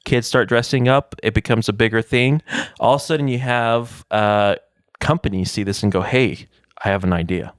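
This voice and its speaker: Low, smooth-voiced man rambling in chat. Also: steady tone, normal speed, no room sound, clean studio sound. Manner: rambling, self-deprecating, with many fillers. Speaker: podcast co-host. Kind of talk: casual chat.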